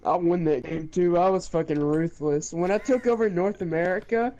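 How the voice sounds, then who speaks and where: A man's voice: high voice, normal speed, warm tone, low-quality recording. A man casually telling a boastful, profane story, rambling with lots of fillers and laughing as he goes. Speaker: gaming video creator.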